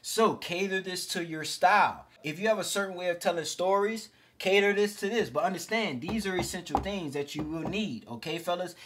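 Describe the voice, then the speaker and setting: High-voiced man coaching casually. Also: fairly quick, hardly any pauses, a bit bright, slightly rough. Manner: casual, emphatic, addresses viewers as fellas. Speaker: self-improvement coach. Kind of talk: direct-to-camera advice talk.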